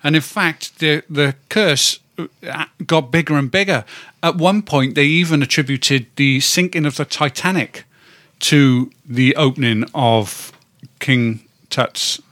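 A man's voice: fairly high pitch, a little slow, fairly bright tone, dry recording, clean studio sound. A man in his fifties, co-hosting a podcast in casual chat, rambling, tripping over words and swearing now and then. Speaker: podcast co-host.

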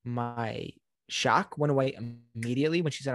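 A young man, a new father, co-hosting a podcast and telling a childhood story in a wry, deadpan way with swearing. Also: mid-range voice, brisk, dry recording, clean studio sound. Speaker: podcast co-host. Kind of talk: casual storytelling.

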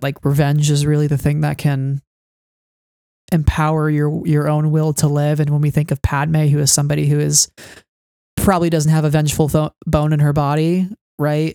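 A woman's voice: deep voice, warm tone, no room sound, studio quality. A woman co-hosting a casual fan podcast, talking things through thoughtfully with many fillers. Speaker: podcast co-host.

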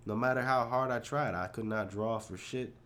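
A man's voice: mid-range voice, moderate pace, fairly bright tone, slight background noise. A young man hosting a solo podcast, rambling off the cuff in a loose, profane, self-deprecating way with lots of fillers. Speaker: podcast host.

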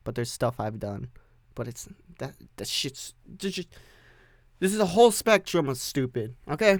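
Young man, solo podcast, rambling and profane, offhand, dry close sound, middle pitch. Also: very animated, moderate pace, no echo. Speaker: podcast host. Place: home music recording setup.

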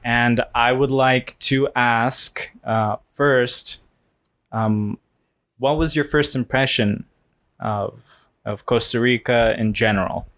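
A man's voice: mid-range voice, slow, fairly bright tone. A man hosting a podcast, chatting casually with guests and joking along with lots of fillers. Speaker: podcast host. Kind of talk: casual chat.

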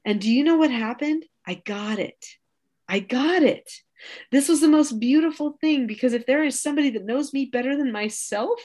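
A middle-aged woman, a podcast host, telling parenting stories in an earnest, reflective and candid casual chat. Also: fairly high pitch. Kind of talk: casual conversational storytelling.

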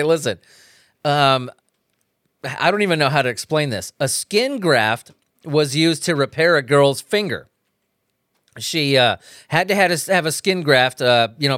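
A man chatting casually on his podcast, profane and rambling, often breaking into laughter. His voice sits a little higher than most men's. The sound is dry and close, from a microphone on a stand. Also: fairly bright tone, no echo. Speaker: podcast host. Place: at home.

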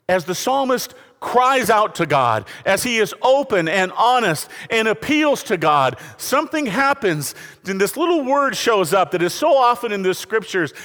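Pastor guy preaching, high voice, really animated, long echo like a big church hall. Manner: preaching with lively rises and falls, addressing the congregation. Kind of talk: sermon. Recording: reverberant hall.

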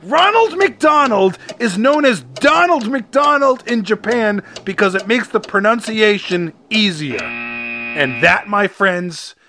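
A man's voice: high-pitched, lively intonation, takes it slowly, bright, forceful tone, slight background noise. A young adult man hosting a comedic solo podcast, upbeat, playful and goofy. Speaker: podcast host.

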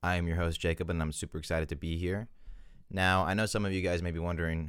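A man's voice: low voice, flat delivery, fast, smooth, no echo, clean studio sound. A young man hosting his podcast solo, chatting casually in a rambling, self-correcting way, a bit out of breath. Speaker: podcast host.

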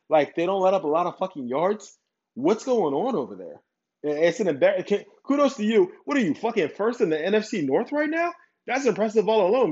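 A man's voice: a little high, darkish tone. A young man hosting a football podcast, ranting heatedly with constant swearing. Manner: profane, heated and worked up. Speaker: podcast host. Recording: dull lo-fi recording.

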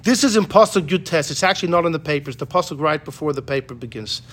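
A man's voice: on the high side, fast talker. A man teaching a casual Torah class to a group, acting out the quotes as he explains them and often restarting his sentences. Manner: animated, acts out quotes, many restarts. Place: classroom with students.

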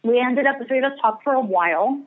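Woman guest telling a rambling story, slightly high voice, phone-thin sound. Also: animated, quick pace. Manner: chatty, rambling, self-deprecating. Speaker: astrologer and psychic medium guest. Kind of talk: casual storytelling interview. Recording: tinny phone-like radio line.

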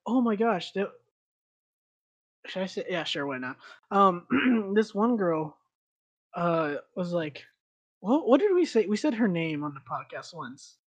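A man's voice: sits high, big pitch swings, measured pace, long pauses. A young American man with a slight Hispanic accent, co-hosting a podcast in rambling casual chat full of likes and ums. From United States. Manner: rambling, laughs often, many likes and ums. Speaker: podcast co-host.

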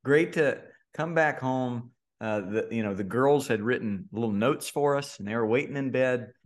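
A man, co-hosting a podcast and telling a story in a relaxed way, with lots of fillers and restarts. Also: medium pitch, normal speed. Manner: laid-back storyteller, many fillers and restarts. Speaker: podcast co-host. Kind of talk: casual podcast chat.

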